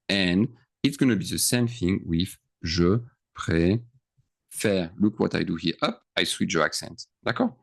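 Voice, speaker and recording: In a slow grammar lesson on verb endings, a male French teacher speaks at a moderate pace in a low-pitched, gravelly voice. He writes as he goes, drawing out words and patiently asking whether the class is following.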